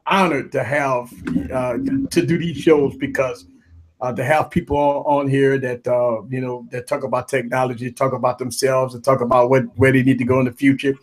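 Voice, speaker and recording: A man hosting a live tech talk stream, giving loud shout-outs to viewers and panelists in casual, hyped chat. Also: mid-range voice, moderate pace. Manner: hype, repetitive shout-outs, animated. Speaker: livestream tech show host.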